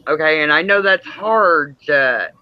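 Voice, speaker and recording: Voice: mid-range voice, animated, measured pace, no room sound, highs cut off. A man in casual chat, speaking in a soothing way and calling the other person honey. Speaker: chat participant.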